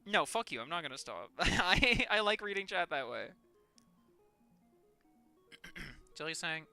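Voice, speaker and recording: Bright, sweary male game streamer. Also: a little high, expressive, moderate pace, long pauses, smooth, faint music behind. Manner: swears a lot, laughs often, banters with chat. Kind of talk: casual gaming stream chat.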